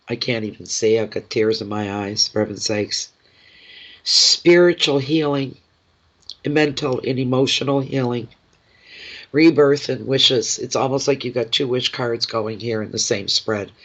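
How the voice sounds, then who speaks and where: A man giving a tarot card reading to his viewers, speaking in a gentle, reassuring and heartfelt way. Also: medium pitch, dull audio. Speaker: tarot reader.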